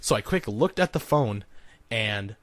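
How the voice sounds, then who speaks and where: A young man co-hosting a podcast, telling a story in an animated, laughing way. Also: on the low side, unhurried, a little hiss or hum. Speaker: podcast co-host. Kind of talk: casual storytelling.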